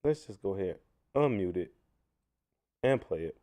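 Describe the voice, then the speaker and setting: Male livestream host, mellow tone, animated delivery full of restarts, chatty. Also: sits low, moderate pace. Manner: animated, frequent restarts, addresses viewers as y'all. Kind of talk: casual commentary livestream.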